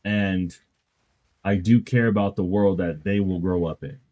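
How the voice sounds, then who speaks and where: A man's voice: low-pitched, measured pace, dull audio. A man in casual chat on a stream, speaking in an earnest, reflective way. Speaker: guest in chat.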